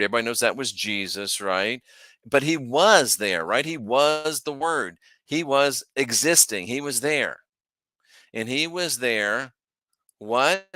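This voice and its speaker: A man hosts his own channel, teaching from the Bible casually but emphatically, posing rhetorical questions and thinking aloud while sharing his screen. His mid-range voice is pushed and bright, clear and resonant, recorded with studio quality and no echo.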